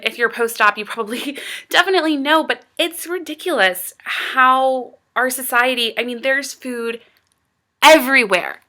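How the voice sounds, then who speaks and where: High, bright-voiced American woman vlogging. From United States. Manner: rambling, earnest, lots of fillers. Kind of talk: casual chat to camera.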